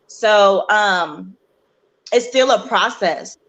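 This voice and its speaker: Young woman guest telling her story, halting, lots of ums and restarts, earnest. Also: mid-range voice, fairly bright tone, lo-fi sound. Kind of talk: candid personal storytelling.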